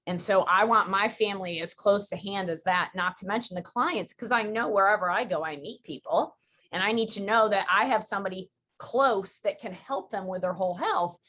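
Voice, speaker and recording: A woman from Western New York hosting a podcast, chatting casually and telling stories with quick, rambling asides. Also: medium pitch, a bit bright. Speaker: podcast host. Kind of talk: casual interview chat.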